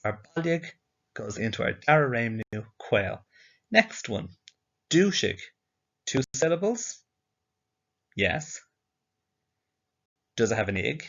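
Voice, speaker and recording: A man's voice: mid-range voice, very animated, slow, creaky, pauses often, fairly bright tone, dull audio. A man teaching a recorded slideshow lesson, patiently asking questions and answering them himself. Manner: patient, asks and answers his own questions.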